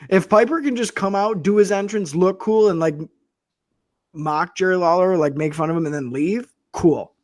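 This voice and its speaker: Podcast co-host, man, higher voice, wry and profane storyteller, dry studio sound. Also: moderate pace, darkish tone, dry recording. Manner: wry, profane, rambling metaphors. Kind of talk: casual wrestling review chat.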